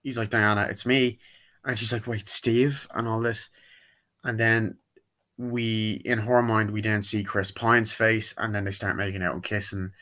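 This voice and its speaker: A man's voice: lowish voice, sharp tone. Rambling, swearing young-sounding man reviewing a film. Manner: rambling, profane and jokey, many fillers. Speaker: movie reviewer. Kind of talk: casual spoken movie review.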